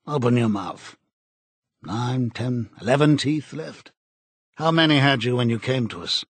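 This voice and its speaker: A cold, commanding interrogator, read by a man in an audiobook, slow and contemptuous. His husky voice stays measured and dry, close to the mic, with a steady mid pitch. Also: no echo.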